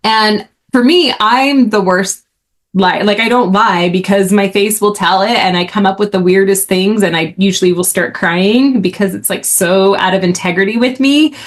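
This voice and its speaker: Woman, podcast host, candid storyteller, conversational with lively rises. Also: normal speed. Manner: chatty, frequent "like", rises in pitch when excited.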